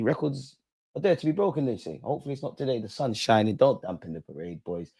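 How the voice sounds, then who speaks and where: A man giving a live reaction to a football match, calling out to the players and the referee as if they could hear him. His talk is casual and slangy, with occasional swearing, and his voice sits at an ordinary middle pitch. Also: animated, quick pace, gravelly, dark tone. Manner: emotional, talks at players and referee on screen. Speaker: football watch-along host.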